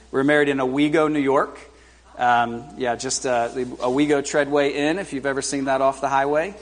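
A man in his forties preaches an informal sermon as a guest speaker at a church service. His mid-range voice is conversational and halting, with lots of fillers and self-deprecating humor.

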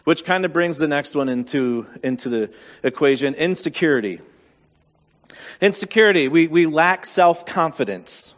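Chatty self-mocking pastor guy, kinda high voice, sermon in a big echoey church hall. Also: animated, normal speed. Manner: candid, self-deprecating, conversational.

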